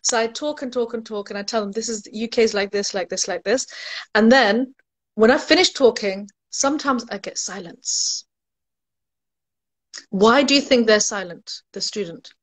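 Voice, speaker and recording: A woman's voice: fairly high pitch, normal speed. A woman education recruiter chatting casually on a live stream, laughing at her own jokes and answering viewers' questions.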